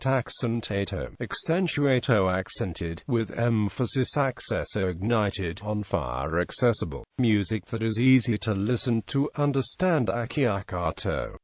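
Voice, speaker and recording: A computer-generated man's voice reading out an encyclopedia article in an even, mechanical way. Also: lowish voice, no room sound.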